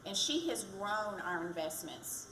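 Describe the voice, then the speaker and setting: Her voice is medium-pitched with a sharp tone and lively intonation, at a measured pace. The woman is giving a chatty, self-deprecating speech for county treasurer at a fire department community event, recorded on a distant mic with echo and background noise.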